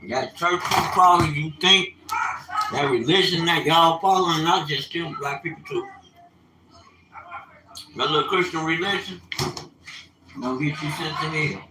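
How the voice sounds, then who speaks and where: A man preaching and ranting informally, animated and profane, with sudden bursts of shouting. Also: fairly high pitch, moderate pace, long pauses, roomy sound. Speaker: religious teacher. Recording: noisy ambient background.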